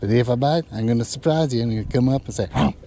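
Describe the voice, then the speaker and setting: A man's voice: mid-range voice, fast, mellow, slight background noise, natural voice. A man voicing a sly, wary fish that teases the bait in a hesitant, coy way. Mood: teasing.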